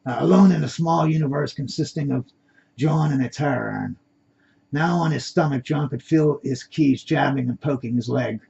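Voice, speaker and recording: A man's voice: medium pitch, normal speed, creaky, a little mellow, breathy edge. A man reading his own story aloud, unpolished and correcting himself as he goes, on a dull lo-fi recording.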